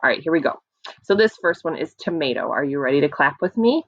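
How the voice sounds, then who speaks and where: A young woman teaching young children a phonics lesson online, in a slow and encouraging sing-song voice, recorded on a computer mic at home. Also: sits low, expressive, dry recording. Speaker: kindergarten teacher. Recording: dry, dull lo-fi computer audio.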